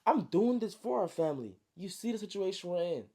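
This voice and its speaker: Man doing teen boy fighter, defiant, heated, a bit high, mellow tone. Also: very animated, fairly quick, breathy edge, full character voice. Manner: challenging, heated.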